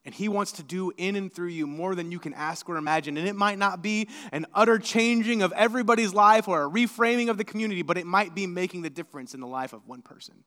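A male pastor preaching a sermon in a church, talking conversationally and moving between hushed and emphatic delivery. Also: sits high, fast talker, few pauses. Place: church sanctuary. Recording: long reverb of a church sanctuary.

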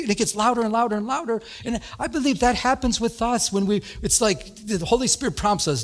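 A man with a notably high voice preaches in a loose, conversational way. He is middle-aged and tells everyday stories with lively sound effects and quoted lines. His delivery stays informal and animated. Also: fast talker, few pauses. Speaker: pastor. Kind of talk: sermon.

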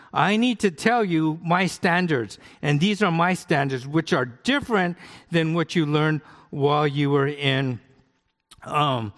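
A middle-aged American pastor preaching in a conversational way, often asking the congregation questions. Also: male voice, on the high side, fairly bright tone. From United States. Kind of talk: sermon with live demonstration. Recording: long hall reverb.

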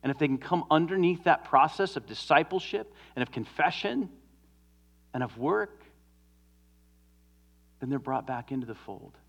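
A male pastor delivering a sermon, earnest and deliberate. His voice sits slightly high and often drops to a near hush at the ends of points. The recording is a little dull and muffled. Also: animated, creaky. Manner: earnest, swings from emphatic to hushed.

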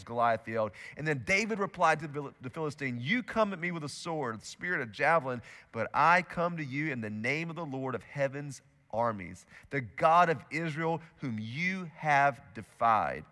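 A man preaching a sermon as a pastor, telling a story in a lively way and acting out its quotes. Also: a little high, normal speed, big-room sound. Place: church auditorium.

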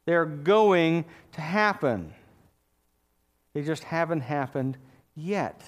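Slow, high-voiced preaching man. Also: animated. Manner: emphatic, calls for amens from the congregation. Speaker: pastor. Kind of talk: sermon. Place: church.

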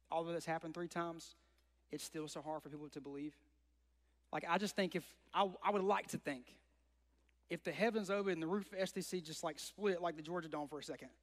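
A young man preaching a sermon in a conversational way, often asking his listeners rhetorical questions. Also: a little high. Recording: long hall reverb.

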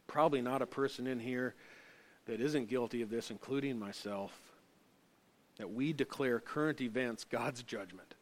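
A middle-aged man preaching a sermon as pastor, swinging between loud emphatic stresses and quiet, low asides.

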